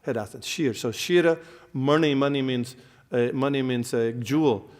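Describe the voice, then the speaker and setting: A man's voice: medium pitch, moderate pace, long reverb tail. A man giving a devotional scripture class, explaining terms and quizzing his listeners, with many fillers and restarts.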